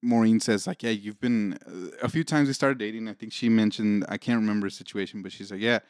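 Man, low voice, dry close mic, casual storyteller who acts out quotes. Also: fast talker, darkish tone, dry recording. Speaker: podcast guest. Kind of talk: casual chat.

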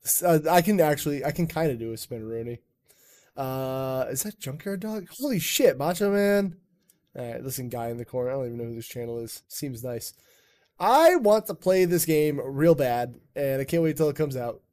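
A man's voice: medium pitch, expressive, fairly quick, dark tone. A man hosting a casual podcast chat, rambling and joking with plenty of swearing. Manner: rambling, swearing, loose and jokey. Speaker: podcast host.

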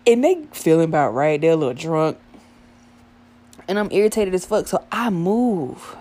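A young adult woman telling a profane, animated story about a night out, acting out the dialogue as she goes. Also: fairly low pitch, moderate pace. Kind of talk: casual storytime monologue.

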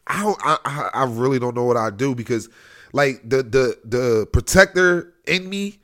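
Animated young man spinning scenarios. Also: mid-range voice, normal speed. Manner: animated storyteller, acts out scenarios in voices, slangy. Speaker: podcast co-host. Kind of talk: casual podcast chat.

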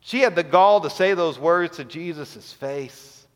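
A man's voice: a little high, measured pace. Man preaching in a reverberant hall. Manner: emotional, drops to a hushed near-whisper at tender moments. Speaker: pastor. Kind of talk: sermon. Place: church sanctuary.

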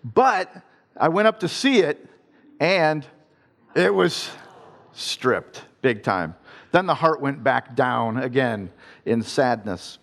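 A man's voice: medium pitch, sing-song, slow pace, pauses often, a bit bright. A man from Ohio telling a personal story in a conversational way and turning it into an earnest devotional talk. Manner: earnest, conversational storytelling with self-deprecating laughs. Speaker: father telling a faith story.

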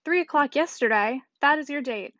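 A woman reading a teasing, gallant young gentleman. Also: sits high, animated, moderate pace, dry recording. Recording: dull dry audiobook recording.

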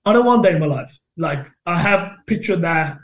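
Animated Indian man telling stories. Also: on the high side, normal speed. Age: 30s. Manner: animated, swears freely, acts out both sides of quoted arguments. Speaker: podcast guest, personal trainer. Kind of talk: casual interview storytelling.

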